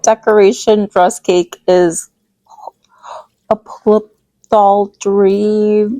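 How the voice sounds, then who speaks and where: A woman's voice: mid-range voice, a little mellow. A woman vlogger chatting casually about her doll collection, rambling and giggly, tripping over names as she goes. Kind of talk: casual chat while restyling dolls.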